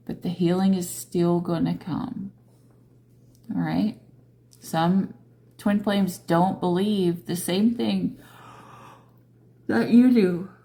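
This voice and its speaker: A woman's voice: fairly low pitch, steady tone, mellow. A woman giving a tarot reading in a casual, conversational way, tired and yawning as she talks to her viewers. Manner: slow, conversational, coaxing questions to viewers. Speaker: tarot reader.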